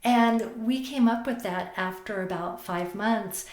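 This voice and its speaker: A woman being interviewed as a podcast guest, a therapist and coach speaking in an effusive, animated way. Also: fairly high pitch, a little slow, echoey room, over a noisy crowd.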